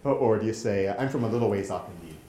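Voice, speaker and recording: A man giving a lecture and running an interactive game demo, talking in a halting way with many restarts. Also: fairly low pitch, animated, mellow, reverberant, soft background music. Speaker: presenter.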